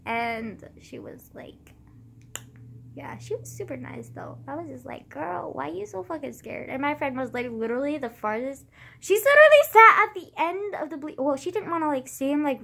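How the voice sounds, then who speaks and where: A teenage girl chats to her phone camera in a loose, rambling vlog. She strings thoughts together with endless "like"s and casual swearing. Her voice sits a little high. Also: very animated, moderate pace, a bit bright, a little hiss or hum. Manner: rambling, full of "like", swears freely. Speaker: vlogger.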